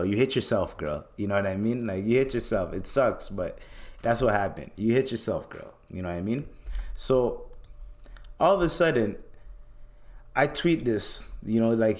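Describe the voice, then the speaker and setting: A man in his late twenties with a fairly low voice, ranting casually on his podcast. He swears freely and tells the story with lots of energy, jumping way up in pitch when he gets heated. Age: late 20s. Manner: profane, animated, voice leaps high when worked up. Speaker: podcast host.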